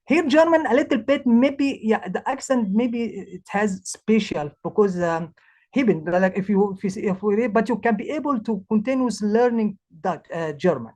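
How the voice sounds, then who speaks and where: A woman who is a language teacher, presenting her project in English, halting and restarting as she searches for words. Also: mid-range voice, a little mellow. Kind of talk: presentation talk.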